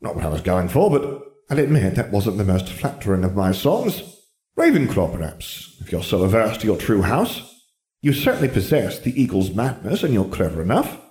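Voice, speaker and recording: A man's voice: fairly low pitch, very animated, normal speed, darkish tone, echoey room. A man voicing an old, sly magical talking hat with a musing, teasing manner.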